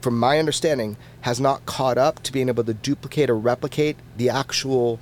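A man being interviewed as a podcast guest, who talks in an animated and casual way, swears freely and often restarts his words. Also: mid-range voice, brisk, slight background noise.

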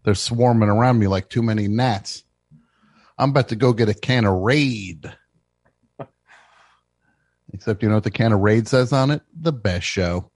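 A man hosting a comedic radio show, riffing brashly and swinging between mock shouting and muttering. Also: on the low side, moderate pace, pauses often, no echo, studio quality. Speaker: host. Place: radio studio.

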